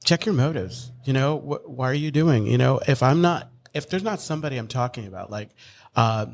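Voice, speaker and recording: A man's voice: medium pitch, lively intonation, brisk, creaky. Rambling, joking male podcast co-host. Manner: joking, rambling, restarts mid-thought. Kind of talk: casual chat.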